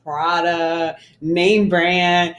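A woman's voice: lowish voice, flat delivery, extremely slow. A woman co-hosting a casual podcast, teasing her co-host and laughing often. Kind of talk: casual chat.

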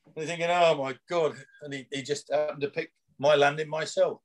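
A man's voice: fairly high pitch, flat delivery, fast. A man, a former prison officer, telling rambling anecdotes in casual chat, acting out quoted dialogue with chuckles.

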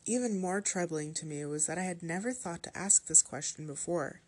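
A woman narrating a horror story aloud in a measured, even storytelling manner. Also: on the low side.

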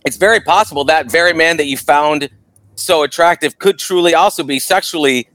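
A man in casual podcast chat, emphatic and quick to agree. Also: fairly high pitch, a bit bright.

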